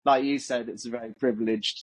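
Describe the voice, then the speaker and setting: A man's voice: medium pitch, fairly even intonation, a little fast, rough recording. A man hosting a podcast, agreeable and reflective, often chiming in with agreement. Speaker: podcast host. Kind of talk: conversational interview.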